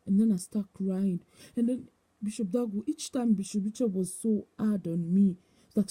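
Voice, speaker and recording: A woman's voice: medium pitch, moderate pace, mellow, slightly rough. A woman giving a personal testimony, telling her story with emotion and repetition and acting out the voices of others. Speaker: testimony speaker.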